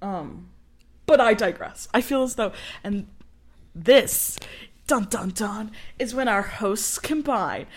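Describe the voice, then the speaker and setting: Speaking slowly in a mid-range voice, a young woman in her twenties shares a story while co-hosting a podcast in a casual chat. She's animated, laughs often, and acts out the people she quotes.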